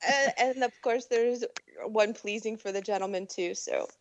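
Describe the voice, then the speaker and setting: A woman guest on a radio talk show, chatty and excitable, often laughing. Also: a little high, moderate pace, dull audio. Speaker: radio guest and event organizer. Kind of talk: casual radio chat.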